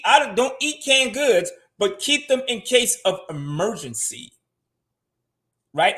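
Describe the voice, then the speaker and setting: A man's voice: high voice, fairly bright tone. A man talking frankly in casual livestream style, swearing freely and answering viewer comments from his home. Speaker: guest on a finance show. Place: home room.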